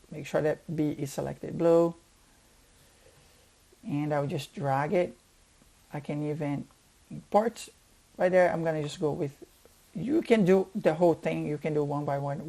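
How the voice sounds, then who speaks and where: Tutorial instructor, gravelly mid-pitched voice, talks through each step aloud with eager repeated praise. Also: mellow. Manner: enthusiastic, repeats words for emphasis; thinks aloud while working. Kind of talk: step-by-step screen tutorial narration.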